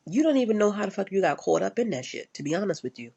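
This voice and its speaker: A woman's voice: mid-range voice, sing-song, quick pace, gravelly, mellow, slightly rough, muffled recording. A woman ranting casually, blunt and profane, repeating herself for emphasis. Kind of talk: casual rant.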